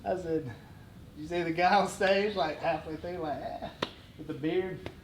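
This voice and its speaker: A middle-aged man spins funny stories at an event, his voice pitched high and lively with laughter. He acts out each person in the tale with animated flair. The recording carries a roomy hall echo and a clear wash of room noise. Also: unhurried. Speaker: guest speaker. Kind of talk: comic storytelling on stage.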